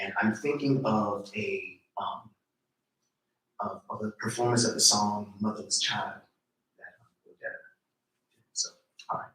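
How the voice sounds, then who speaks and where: A man's voice: lowish voice, a bit bright, far from the mic. Man reading poetry in an echoey room. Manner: slow, deliberate, rhythmic delivery. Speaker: poet reading his work.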